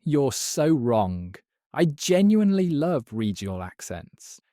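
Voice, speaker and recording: A man's voice: mid-range voice, sing-song, takes it slowly, warm tone, no room sound, clean studio sound. A man chatting confidently and teasingly as a quiz contestant on a podcast. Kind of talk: casual chat.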